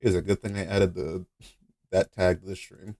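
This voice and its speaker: A man's voice: low-pitched, little pitch movement, normal speed, gravelly, dark tone, dry recording. A young man chatting on a live stream, a little sick and coughing now and then, laughing, swearing and playing up outrage at his chat.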